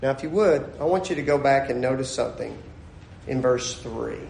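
A male pastor preaching an animated sermon, acting out scenes as he goes, in a church. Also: medium pitch, moderate pace, gravelly, a little hiss or hum. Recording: echoey room.

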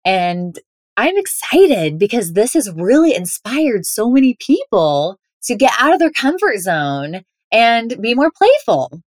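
A woman's voice: fairly high pitch, big pitch swings, measured pace, no echo, clean studio sound. A woman guest on a podcast interview, talking in an upbeat, playful way. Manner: upbeat, playful, laughs often. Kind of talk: interview, conversational.

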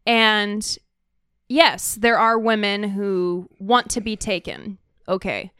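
Smooth-voiced woman podcast co-host. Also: medium pitch, slow pace, a bit bright, dry recording, studio quality. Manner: thoughtful, hesitant, with fillers and restarts. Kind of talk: casual podcast chat.

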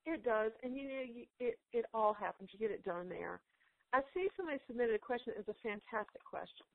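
Woman guest speaker, earnest encouraging preacher tone, gravelly, thin phone-like dry audio. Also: a little high, animated, fast, no room sound. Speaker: guest speaker, homeschool author. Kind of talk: encouraging talk and Q&A.

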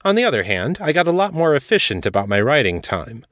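A man reading his own first-person fiction as a podcast host, steady and matter-of-fact. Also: medium pitch, quick pace, dry recording, clean studio sound. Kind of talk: first-person story narration.

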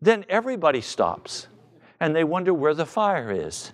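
A middle-aged male pastor preaching a sermon with passion, now and then bursting into shouted quoted voices. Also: sits high, huge pitch swings, a little slow.

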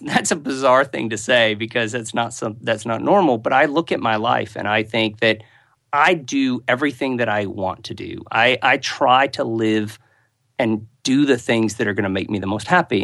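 A man's voice: on the low side, gravelly, a bit bright, no room sound. A man speaking as a podcast guest, earnest and open about what he loves to discuss. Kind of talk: conversational interview.

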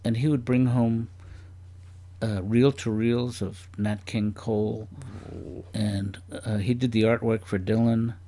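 A man's voice: fairly low pitch, fairly even intonation, slow pace, dark tone. A man chatting as a guest on a comedy podcast, rambling and curious, firing off playful questions. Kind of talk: casual podcast chat.

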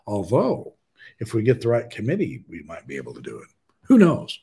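A man's voice: medium pitch, huge pitch swings, normal speed, vocal fry, darkish tone, husky. A man hosting a live-streamed podcast, chatting casually and joking with his guest. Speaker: podcast host.

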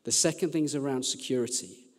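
A man's voice: mid-range voice, quick pace, big-room sound. A man from Birmingham, preaching a sermon in a chatty, self-deprecating storytelling manner, often restarting his sentences. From Birmingham, England.

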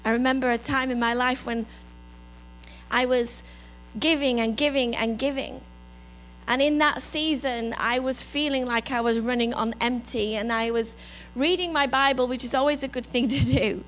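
A woman with an English accent giving a reflective sermon, softening her voice as she lists God's gifts. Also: on the high side, steady tone, moderate pace, slight background noise, low-quality recording. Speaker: preacher.

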